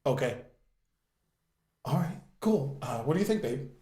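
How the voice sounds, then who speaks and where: A cheap boyfriend on a date, played by a man who keeps placating her and repeating himself. His pitch swings widely. The room around him echoes. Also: sing-song, measured pace, mellow. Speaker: improviser. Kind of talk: improvised comedy scene. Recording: roomy reverb.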